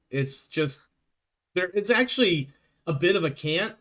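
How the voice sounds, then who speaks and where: Brief: male game master, casual and laugh-prone, slightly higher voice, loose explanations. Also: lively intonation, unhurried, fairly bright tone. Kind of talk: running a tabletop game over voice chat.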